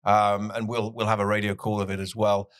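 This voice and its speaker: A man's voice: fairly low pitch, flat delivery, a little fast, no echo, clean studio sound. A man with a southwest English accent, a soccer commentator chatting on a podcast, rambling and laughing often. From southwest England. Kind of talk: casual podcast chat.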